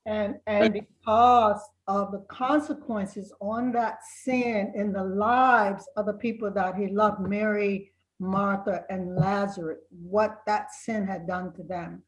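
A woman's voice: mid-range voice, steady tone, takes it slowly, poor audio. A woman in a Bible study group adding a comment from across the room.

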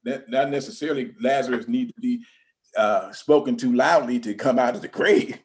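A man taking part in a Bible study discussion, speaking haltingly with many fillers and light chuckles. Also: mid-range voice, darkish tone.

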